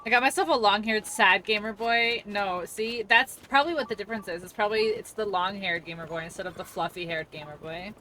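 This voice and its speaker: A young woman streams a game from home, chatting loosely with her viewers, rambling, laughing easily and reading chat aloud. Her medium-pitched voice is brisk and pushed, bright in tone, with few pauses. Faint music plays in the background.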